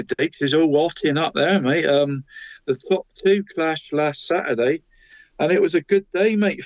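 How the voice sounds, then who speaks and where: A man's voice: fairly high pitch, no echo. A man co-hosting a local football show, chatting through weekend results and calling his co-host "mate" at every turn. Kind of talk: casual results round-up. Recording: dry, dull lo-fi sound.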